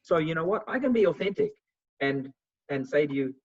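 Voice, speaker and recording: Husky man on a muffled call. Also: fairly high pitch, a little fast. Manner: animated, acts out little dialogues. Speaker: webinar speaker. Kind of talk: motivational talk answering questions. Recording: muffled video call audio.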